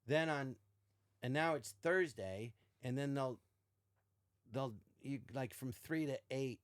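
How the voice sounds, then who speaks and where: An older man with a mid-range voice, recorded dry and close, speaks in a casual storytelling way. He swings into put-on voices when quoting people and keeps the tale lively. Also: mid-range voice, slow pace, no room sound. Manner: animated, acts out quotes in varied voices. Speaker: podcast guest.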